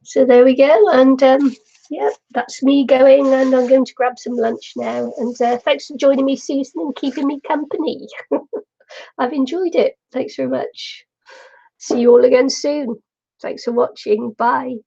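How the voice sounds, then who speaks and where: A middle-aged woman from the UK chats her way through a craft project, rambling warmly with frequent laughs. Her voice is mellow and gravelly, and she takes her time. The recording sounds slightly muffled. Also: sits high, fairly even intonation, unhurried. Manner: chatty and rambling, laughs often. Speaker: craft vlogger. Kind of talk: casual chat while crafting.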